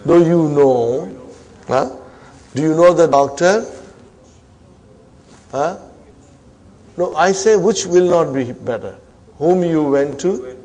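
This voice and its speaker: A man leads a classroom Arabic grammar lesson in English. His voice sits a little high, and he keeps drilling the students with repeated questions and quick prompts, weaving in Arabic and Islamic phrases. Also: lively intonation, darkish tone. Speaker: Arabic teacher.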